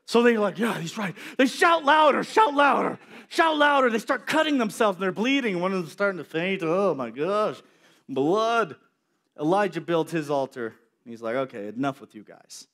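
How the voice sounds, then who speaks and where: A male preacher giving a sermon, telling a story in an animated way with acted-out voices. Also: sits high, normal speed.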